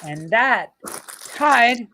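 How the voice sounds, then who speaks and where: A man's voice: extremely high pitch, expressive, very slow, sharp tone, slight background noise. An American man hosting casual trivia banter, jokey and swearing, laughing as he talks. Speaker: host.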